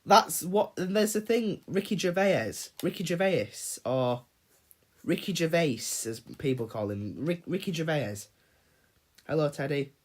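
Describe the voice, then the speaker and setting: A man's voice: on the high side, animated, normal speed. Ranting man on a casual livestream. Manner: ranting, swears freely, chats with viewers in chat. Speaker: livestream host.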